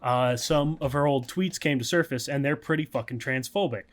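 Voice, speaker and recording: A man's voice: medium pitch, moderate pace. Rambling, profane podcast co-host man. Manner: rambling, profane, laughing storyteller. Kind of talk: casual podcast chat.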